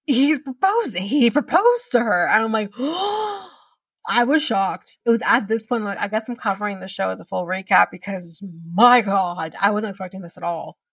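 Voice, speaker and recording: A woman's voice: mid-range voice, fairly even intonation, a little fast, vocal fry, few pauses, a bit bright, slightly rough, no room sound, recorded from a distance. A woman hosting a podcast, recapping a reality show in a chatty way, swearing casually and using lots of fillers. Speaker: podcast host.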